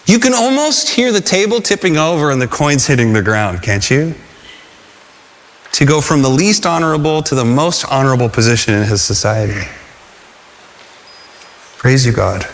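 A man preaching a sermon, telling stories with animated energy and asking the congregation rhetorical questions. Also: fairly high pitch, fairly quick, long reverb tail. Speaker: pastor.

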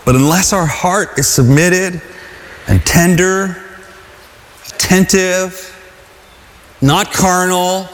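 A man preaching with a high voice, earnest and halting, often restarting a thought before pushing on. His calls rise to shouts, and his voice rings with a long reverb, as in a large hall. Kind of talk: sermon.

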